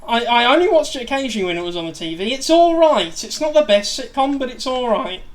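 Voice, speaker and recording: A man's voice: very high-pitched, expressive, quick pace. A man hosting a casual livestream, chatting in a rambling, self-deprecating way. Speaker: livestream host. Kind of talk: casual chat on a gaming livestream.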